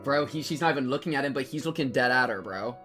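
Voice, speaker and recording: A young man streaming a game, chatting to his viewers in a rambling, jokey, excitable way and sometimes reading the game text aloud. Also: mid-range voice, fast, over music. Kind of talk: casual game-reaction commentary.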